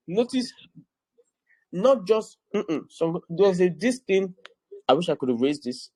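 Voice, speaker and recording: A man's voice: sits high, sing-song, unhurried, long pauses, a little mellow, breathy edge, dry recording, low-quality recording. A man teaching real estate in an online class over a video call, repeating key points and checking in with his students. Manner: keeps checking in with the audience, emphatic repetition.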